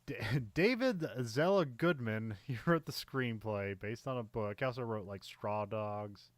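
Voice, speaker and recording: A man's voice: mid-range voice, lively intonation, measured pace, dry recording. A man co-hosting a casual movie podcast, rambling and laughing often, with lots of fillers. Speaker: podcast co-host.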